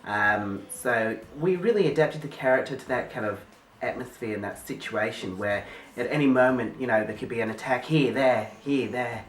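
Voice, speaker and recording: A man's voice: mid-range voice, moderate pace, slight background noise. Playful man, mock interview guest, rambling, roomy and off-mic. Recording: roomy and distant.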